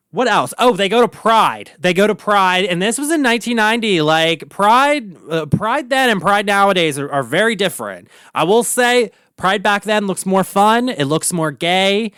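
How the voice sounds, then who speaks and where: A man's voice: sits high, lively intonation, a little slow, a bit bright, clear, resonant tone, no room sound, clean studio sound. A man with a Baltimore accent, a drag queen host ranting casually, campy and profane with lots of filler words. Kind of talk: casual solo rant.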